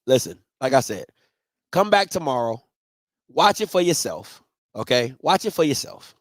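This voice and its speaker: The recording is dry, and the man's slightly slow delivery has a sing-song quality. He's a live sports talk show host ranting casually with plenty of profanity, dipping into low mutters before rising to shouts.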